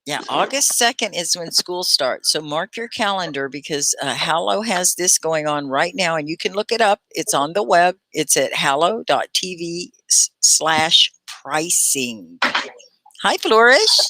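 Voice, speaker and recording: Bright-voiced chatty woman teacher from Texas. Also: on the low side, animated, unhurried, no room sound. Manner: chatty, articulate, addresses viewers by name. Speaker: English teacher and livestream host. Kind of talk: live online English lesson.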